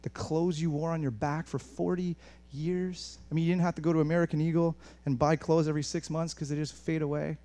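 A man preaching a sermon in an animated way, moving between quiet asides and raised, emphatic passages, with frequent restarts. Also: a little high, fairly quick, few pauses. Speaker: pastor.

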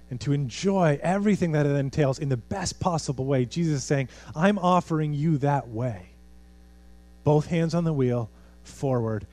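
A man preaching a sermon as a pastor, earnest, moving from lively urgency to hushed, quiet appeals. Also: on the high side, dry recording. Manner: earnest, swings from animated to hushed.

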